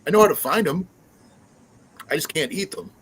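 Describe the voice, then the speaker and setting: A man's voice: fairly high pitch, animated, normal speed, a bit bright, a little hiss or hum, poor audio. A man hosting a casual live stream, chatting in a rambling way with many fillers and restarts. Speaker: livestream host.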